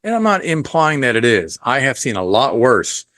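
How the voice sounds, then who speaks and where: A man's voice: medium pitch, sing-song, a bit bright, dry recording. A man hosting a podcast, giving a casual, rambling film review full of ums and blunt profanity. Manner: unhurried, rambling with frequent ums.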